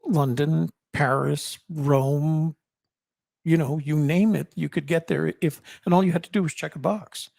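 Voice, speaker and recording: Gravelly older man, reflective storyteller. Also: fairly high pitch, fairly even intonation, a little mellow, dry recording, clean studio sound. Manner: halting restarts, reflective. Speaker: guest, army veteran and co-author.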